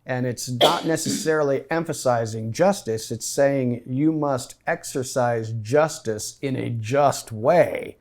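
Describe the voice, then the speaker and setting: A man's voice: mid-range voice, slow, hardly any pauses. A man teaching a Bible study, asking questions and thinking aloud with a group in the room and online. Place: meeting room with online participants.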